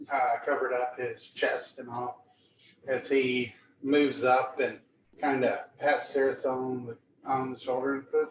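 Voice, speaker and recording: A man playing a tabletop game, casually describing his character with fillers. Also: mid-range voice. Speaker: player. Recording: echoey, distant mic with faint noise.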